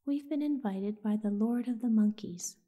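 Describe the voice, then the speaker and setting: A woman voicing a friendly male monkey man in a whispered storybook role-play, soft and welcoming. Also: on the high side, moderate pace, narrow, tinny audio, natural voice.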